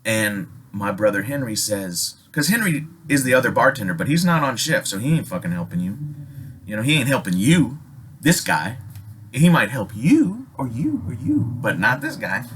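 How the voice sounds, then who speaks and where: A man telling a story in a loose, profane, animated way with big swings in his voice. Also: mid-range voice, normal speed, a little hiss or hum. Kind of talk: casual spoken storytelling.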